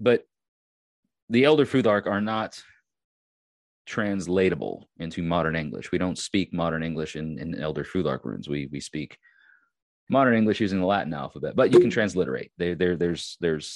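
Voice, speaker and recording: A man's voice: low voice, moderate pace, no room sound, clean studio sound. A man from Long Island with a Long Island accent, hosting a casual solo podcast and rambling with many restarts and fillers. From Long Island, New York. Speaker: podcast host.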